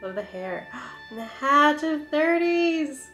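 A woman's voice: high-pitched, animated, slow, sharp tone. A woman hosting a casual reaction video, gushing and gasping with delight at each clip. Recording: echoey room with faint music.

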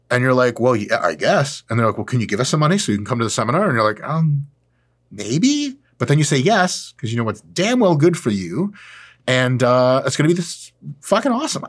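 A middle-aged man hosting his own channel, announcing an event in a casual, deadpan joking monologue. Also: mid-range voice. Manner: deadpan joking, lively ups and downs, mock British voice at times. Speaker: channel host.

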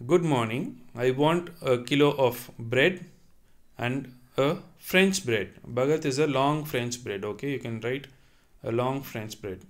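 A man teaching a French lesson, reading sentences and then translating and repeating them patiently. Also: medium pitch. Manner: slow and deliberate, repeats and explains each line. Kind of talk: online language lesson.

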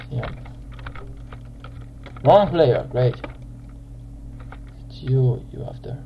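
A young man giving casual gameplay commentary as a channel host, excitable and quick to yell in frustration at other players. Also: medium pitch, lo-fi sound, a little hiss or hum.

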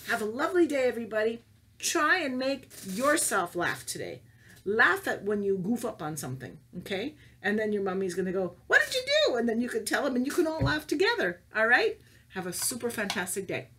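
A middle-aged woman leading a children's craft lesson, talking to small children in a sing-song, animated way. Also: fairly high pitch, fast talker, a little hiss or hum. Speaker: preschool teacher.

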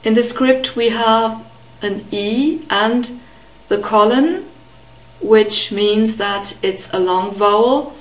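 Very slow-speaking woman teaching pronunciation. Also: fairly high pitch, echoey room, rough recording. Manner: carefully modeling sounds, repeating words slowly. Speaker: language teacher. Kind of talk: slow, deliberate pronunciation lesson.

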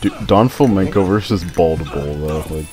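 A man's voice: low voice, moderate pace, a little mellow, faint music behind. A man joking around and laughing often while friends play a boxing video game. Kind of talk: casual gaming chat.

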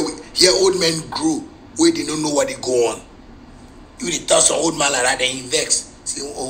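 A man with a Ghanaian Pidgin English accent, a musician ranting heatedly in a live video and bursting into shouts. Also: on the high side, slight background noise, low-quality recording.

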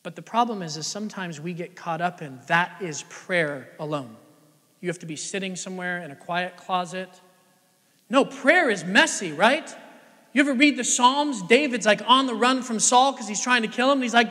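A man preaching a sermon as pastor, shifting between loud, emphatic lines and hushed, near-whispered ones, with lots of rhetorical questions to the congregation. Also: high voice, moderate pace. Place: church sanctuary. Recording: long church-hall reverb.

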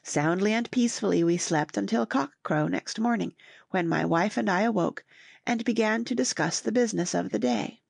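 A woman reads a classic novel as an audiobook at a steady, even, moderate pace. Her medium-pitched voice has a gravelly edge, and the recording sounds close and dry with no echo.

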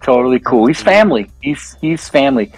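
A man, a guest musician, chatting casually in an interview and telling animated stories in a loose, profane way. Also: mid-range voice, a little fast, no room sound, soft background music, poor audio.

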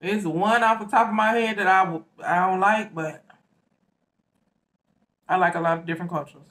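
On her eating show, a Southern US woman with a Southern accent chats easily between mouthfuls, often saying "y'all." Her voice is mid-range and her pace normal.

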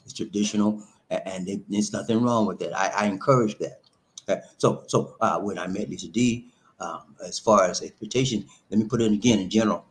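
A man's voice: on the low side, brisk. A man hosting a casual live stream, greeting viewers by name, chanting and rhyming, and laughing at his own jokes. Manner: animated, shout-outs to viewers, chanting and rhyming.

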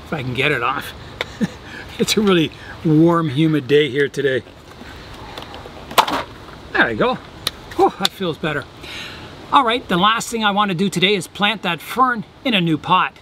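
A man casually explaining his bonsai work as he goes, relaxed and thinking aloud with a few fillers. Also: fairly high pitch, moderate pace, pauses often, noisy background. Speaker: bonsai hobbyist vlogger. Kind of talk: casual how-to narration.

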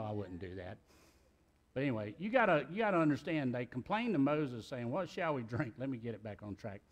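A middle-aged man, preaching a sermon in a church in a folksy, talkative way with joking asides. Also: mid-range voice. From South Carolina, US. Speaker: pastor. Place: church sanctuary.

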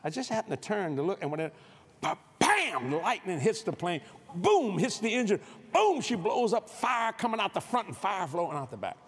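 A man's voice: sits high, big pitch swings, normal speed, fairly bright tone, breathy edge. A middle-aged man preaching a humorous sermon on a convention stage, acting out scenes with sound effects. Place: convention stage before a live audience.

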